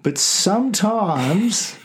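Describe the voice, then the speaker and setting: A man's voice: sits high, expressive, drawn-out words, husky. A man hosting a casual comedy podcast, joking in a mock-bossy, self-important way. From Australia. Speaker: podcast host.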